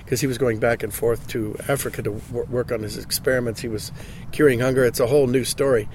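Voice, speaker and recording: A man in his sixties, a voice actor speaking in a casual interview, halting and often repeating his words. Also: medium pitch, steady tone, a little mellow, a little hiss or hum. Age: 60s. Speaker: voice actor guest.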